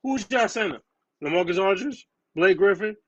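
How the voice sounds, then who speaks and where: A man's voice: high-pitched, animated, moderate pace, lo-fi sound. Brash trash-talking New man. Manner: brash trash-talking, repeats himself for emphasis. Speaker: podcast co-host. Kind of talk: heated sports banter.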